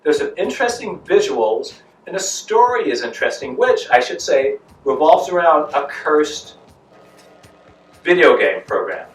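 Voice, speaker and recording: Slow-talking man reviewing a film. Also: a little high, sing-song, distant mic. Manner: conversational, rhetorical questions, emphatic repetition. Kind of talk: casual spoken movie review. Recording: echoey room, voice off-mic, faint music.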